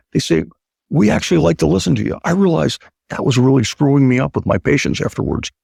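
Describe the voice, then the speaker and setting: Gravelly husky guy, surgeon guest, emphatic, keeps repeating his points, dry sound. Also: mid-range voice, darkish tone, no echo. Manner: emphatic, acts out quoted patient and doctor talk; repeats key points for stress. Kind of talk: conversational interview talk.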